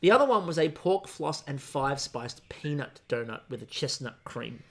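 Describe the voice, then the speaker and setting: A man's voice: fairly high pitch, expressive, moderate pace. A man co-hosting a podcast, chatting casually about a baking show in a rambling, jokey way. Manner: rambling, jokey, with many restarts and acted-out quotes. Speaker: podcast co-host.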